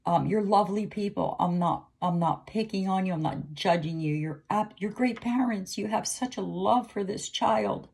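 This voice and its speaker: A woman's voice: medium pitch, steady tone, normal speed, creaky, few pauses, darkish tone, husky. A middle-aged woman giving an emotional intuitive reading to camera, pleading and repeating herself. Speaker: psychic reader.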